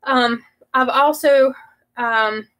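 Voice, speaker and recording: A woman's voice: high-pitched, drawn-out words, a bit bright, poor audio. A woman with a Southern American accent, co-hosting a business talk show in a friendly, chatty way. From southern United States. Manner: friendly, chatty, lightly laughing. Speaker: co-host. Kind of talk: casual business chat.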